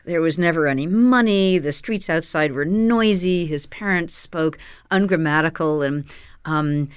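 A woman author being interviewed in a radio studio, telling stories in an animated way with frequent fillers. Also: deep voice, a little slow, clean tone, dry recording. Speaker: author guest.

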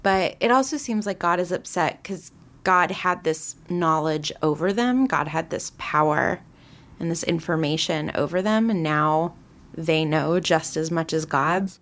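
A woman's voice: deep voice, a little slow, fairly bright tone. A young woman casually retelling a story, chatty, full of voiced quotes and fillers. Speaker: guest.

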